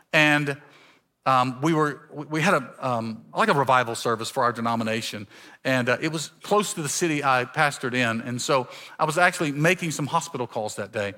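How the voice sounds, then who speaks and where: A man pastor preaching a sermon in a church, telling a personal story and shifting between loud emphasis and hushed, quiet lines. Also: on the high side.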